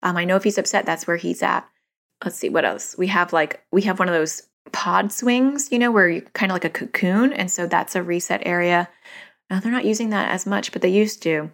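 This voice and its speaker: A woman's voice: fairly low pitch, fairly quick, gravelly, fairly bright tone. A woman in her thirties talking casually into a microphone as a podcast host, chatty and self-deprecating. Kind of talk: casual solo talk. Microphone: studio microphone.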